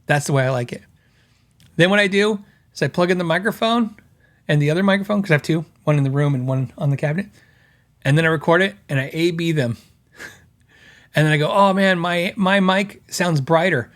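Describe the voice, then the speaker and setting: Animated man hosting a guitar podcast. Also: fairly high pitch, quick pace, long pauses. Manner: animated storytelling, mocking quoted critics in a raised voice. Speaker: host. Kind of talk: casual podcast monologue.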